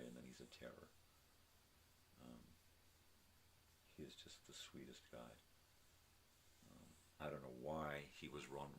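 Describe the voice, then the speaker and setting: An older man with a bass voice, a bit bright, hosts a live morning show over a faint hiss or hum. He tells a rambling story casually, talks to his dog, and often tags his lines with "right?".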